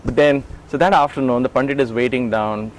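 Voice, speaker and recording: Man, middle-aged, interview guest, animated storyteller, acts out quotes, medium pitch. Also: brisk, slight background noise, poor audio. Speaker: interviewee recalling years as an assistant.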